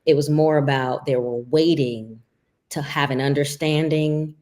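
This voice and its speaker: A woman's voice: low-pitched, fairly even intonation, a little slow, darkish tone. A woman who is an author and minister, speaking as a guest in a reflective interview and working through her ideas with frequent fillers. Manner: thoughtful, talks through ideas with many fillers.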